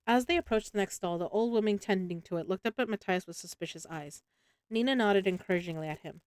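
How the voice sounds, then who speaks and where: A woman reads a novel aloud for her stream in a relaxed narrating style, now and then tripping and restarting a phrase. Her voice sits at a middling pitch and the recording is dry and close. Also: quick pace, clear, resonant tone, no echo. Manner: relaxed reading with small slips and restarts.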